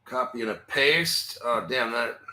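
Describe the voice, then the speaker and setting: A man hosting a crypto video, rambling and conspiratorial, swearing freely and answering his own questions. He talks at an unhurried, drawn-out pace, and his tone is piercingly bright and a touch high. The sound bounces around a bare, echoey room. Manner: profane, conspiratorial, talks to himself. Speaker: crypto channel host. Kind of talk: rambling screen-share commentary.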